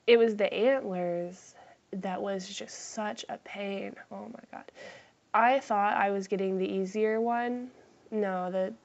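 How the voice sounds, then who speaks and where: A woman's voice: medium pitch, a little mellow, highs cut off. A woman chatting casually in a craft vlog, self-deprecating and swearing freely, sometimes dropping to a whisper. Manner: drops into whispers for asides. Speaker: craft vlogger.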